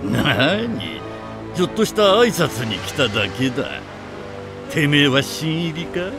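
An actor voicing a menacing, mocking adult male pirate villain in a video game, with a gravelly, condescending delivery. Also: a little high, very animated, moderate pace, over music. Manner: sneering, condescending. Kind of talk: game voice acting.

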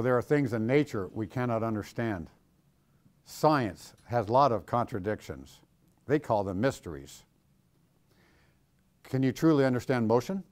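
A middle-aged man preaching to a room of students, lively and theatrical. He jumps high and loud when he acts out a quote, then drops low and hushed, and he keeps poking fun at himself. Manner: animated, acts out quoted voices with big swings in pitch and loudness; jokey, self-mocking storyteller. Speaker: pastor. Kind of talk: teaching a class on Christian doctrine. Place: classroom or church hall with students.

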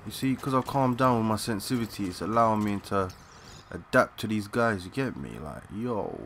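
A young man giving excitable, swearing live commentary while playing a shooter, calling out to teammates in slang. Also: fairly low pitch, normal speed, creaky, a little hiss or hum. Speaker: gaming channel host.

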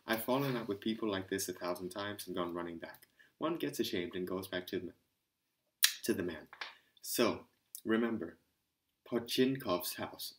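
A man voicing a hearty, impatient young man who lectures and scolds loudly. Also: sits low. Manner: blustering, hectoring.

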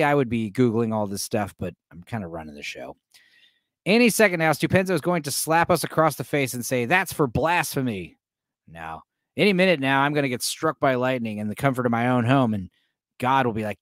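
A man's voice: medium pitch, big pitch swings, fairly quick, no echo, clean studio sound. A man hosting a casual watch-along, joking and rambling to his chat with many fillers. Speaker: host reacting to a film for a live chat.

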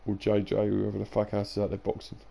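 A young man with a low, gravelly voice rambles casually to his live stream audience. He is tired and talks loose and sweary between bits of gameplay. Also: monotone, quick pace, dull audio. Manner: loose, sweary banter to chat, drifting into sing-song and whispers. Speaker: game streamer.

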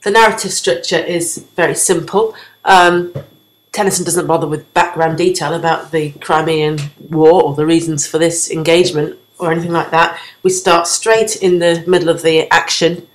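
A woman teacher giving a clear, explanatory revision lesson on a poem, sounding out the rhythm as she goes. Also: deep voice, steady tone, moderate pace, reverberant, rough recording.

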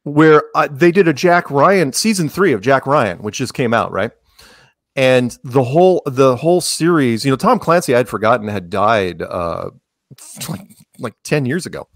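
A man's voice: medium pitch, expressive, moderate pace, no room sound, studio quality. A man talking casually as a podcast guest, rambling with many restarts and sarcastic asides. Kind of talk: casual conversational interview.

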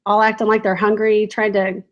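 At home with barking dogs nearby, a woman who works as a reseller vlogger giggles and reads out viewer comments during a casual live stream. She speaks at normal speed in a mid-range voice with a level tone. The audio is muffled.

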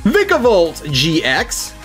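A man's voice: sits high, wildly swooping pitch, slow, fairly bright tone, soft background music. A man co-hosting a casual card-opening chat, playful and joking, gasping at good pulls. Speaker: co-host opening trading cards.

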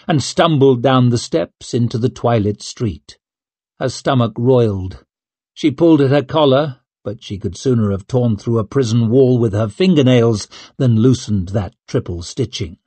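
A man reading an audiobook as narrator in a measured, even manner. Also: medium pitch, slightly rough, no echo. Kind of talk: scripted narration.

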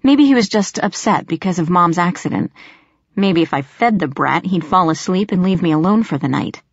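Female audiobook narrator, first person; lower voice, tense and sharp-edged, close dry recording. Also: expressive, normal speed, dry recording. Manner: tense storytelling, sharp snapping in dialogue. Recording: slightly dull lo-fi audio.

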